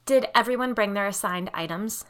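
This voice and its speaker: A woman's voice: medium pitch, a little fast, fairly bright tone, natural voice. Woman voicing a bossy, snappish rich mom. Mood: snippy. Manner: curt and bossy. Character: haughty, snappish wealthy suburban mom.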